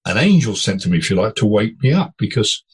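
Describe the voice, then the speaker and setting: Deep, very husky storytelling man. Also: fast, rough recording. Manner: animated storyteller, digressive. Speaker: podcast guest. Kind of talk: storytelling in casual conversation.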